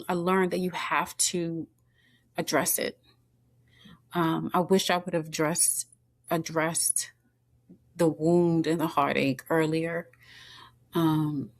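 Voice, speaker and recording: A middle-aged woman guest telling her personal story in an earnest, halting way, with many restarts and moments of being choked up with tears. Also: on the low side. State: tearful, choked up at times. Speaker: podcast guest.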